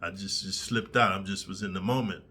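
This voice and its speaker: A man's voice: low-pitched, steady tone, a little fast, pushed and bright, breathy edge. A middle-aged man telling a prison story in a casual, profane, streetwise way.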